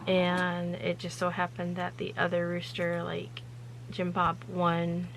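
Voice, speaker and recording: A woman's voice: lowish voice, monotone, slow pace, vocal fry, noisy background. A woman hosting her own vlog, telling a story in a rambling, chatty way with lots of loose fillers. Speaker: vlog host.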